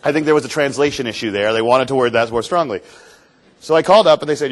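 A man from Canada gives a motivational talk from a stage, telling stories in an animated, self-deprecating way. His voice sits at an ordinary middle pitch for a man. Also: fast talker. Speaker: motivational speaker. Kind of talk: storytelling keynote talk on stage. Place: stage before an audience.

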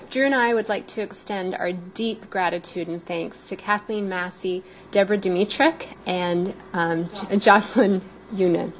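A woman in her fifties from Canada giving a prepared, personal speech as a guest speaker, warm and a little emotional. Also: mid-range voice, a little hiss or hum, rough recording.

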